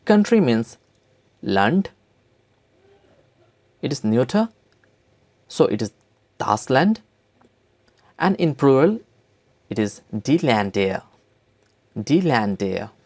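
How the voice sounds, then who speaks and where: A male teacher walks learners through vocabulary at an unhurried pace, repeating each word several times. His voice has a gravelly fry to it. His pitch rises and falls a lot. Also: big pitch swings, darkish tone. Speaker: language teacher. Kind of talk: slow spoken language lesson.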